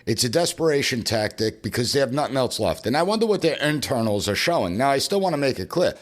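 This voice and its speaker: A man's voice: mid-range voice, big pitch swings, fast. A man hosting a political commentary podcast in an emphatic, punchy way, repeating phrases for effect. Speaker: podcast host and professor.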